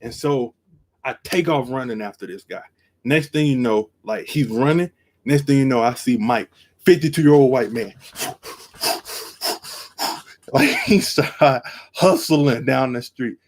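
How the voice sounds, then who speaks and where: A man telling a story on a live stream, acting out each line and jumping from quiet to loud, seated at his desk camera. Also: expressive, a little slow, long pauses. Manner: acts out every quote, jumps from low to loud. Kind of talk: animated storytelling.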